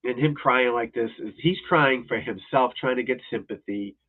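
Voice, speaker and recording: This man, at medium pitch and a moderate pace, runs a golf instruction livestream as a loose, rambling rant full of bluntness and profanity. The sound is thin and tinny, like a phone call.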